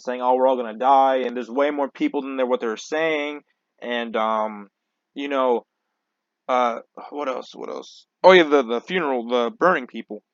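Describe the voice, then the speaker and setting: A man's voice: medium pitch, no echo, lo-fi sound. Profane, rambling young man vlogging. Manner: profane, rambling, with frequent restarts and fillers. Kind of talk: casual ranting monologue to camera.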